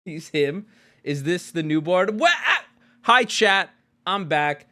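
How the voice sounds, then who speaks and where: A man's voice: high voice, slow pace. A jet-lagged man hosting a casual livestream chat, rambling and swearing as he talks. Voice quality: animated, profane, rambling. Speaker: streamer host.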